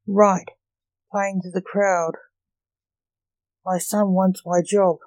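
A woman's voice: mid-range voice, level tone, slow pace, a little mellow, no echo, lightly acted. A woman voicing a bossy vampire father magician who talks curtly and with dry wit, in a storybook reading. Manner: curt, commanding.

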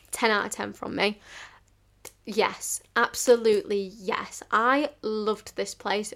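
A woman, hosting a podcast in casual storytelling style, full of "like" fillers and acting out the people in her stories. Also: mid-range voice. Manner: chatty, fillers like "like", acts out quoted dialogue. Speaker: podcast host.

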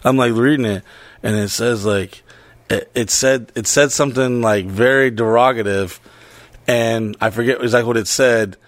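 A man's voice: medium pitch, moderate pace, dry recording. A man telling a story in casual podcast chat, rambling, swearing freely and laughing as he goes.

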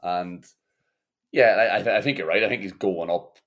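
Deep-voiced man ranting blunt football chat. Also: moderate pace, a bit bright. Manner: blunt, swearing, laughing. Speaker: podcast co-host.

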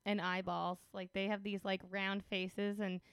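Wry relaxed woman podcast co-host. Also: medium pitch, measured pace, clean tone, no room sound. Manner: relaxed, wry, musing, lots of "like". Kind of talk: casual chat.

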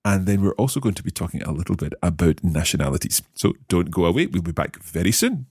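A man hosting a language lesson podcast, talking through phrases and repeating them slowly and carefully. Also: low-pitched, big pitch swings. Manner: slow, careful learner repetitions.

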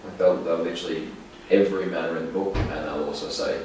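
A man's voice: low-pitched, steady tone, fast talker, darkish tone. A man with an Australian accent, a podcast guest telling blunt, laid-back stories in casual chat and swearing freely. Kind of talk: casual storytelling. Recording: echoey room, distant mic, noisy.

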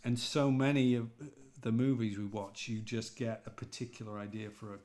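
An English preacher with a North Midlands accent, chatting casually and rambling, often correcting himself mid-sentence. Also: male voice, medium pitch, normal speed. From England. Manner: relaxed, rambling, self-correcting. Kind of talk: casual podcast chat.

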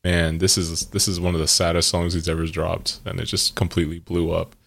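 Young guy with a real low voice, goofing around on a podcast. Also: completely flat delivery, brisk, gravelly, a bit bright, no room sound. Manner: goofy, self-mocking jokes. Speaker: podcast co-host. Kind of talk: casual banter among friends.

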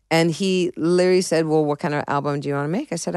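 A woman's voice: low-pitched, fairly even intonation, fast, hardly any pauses, darkish tone, clear, resonant tone, no room sound, clean studio sound. A middle-aged woman musician telling stories in an interview, rambling and profane, full of restarts and fillers. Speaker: musician guest. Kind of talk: candid interview storytelling.

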